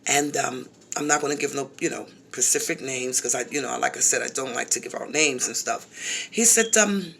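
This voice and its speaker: A woman vlogger telling her viewers a personal story in a casual, animated way, often repeating phrases. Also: rumbling low, moderate pace, vocal fry, slight background noise.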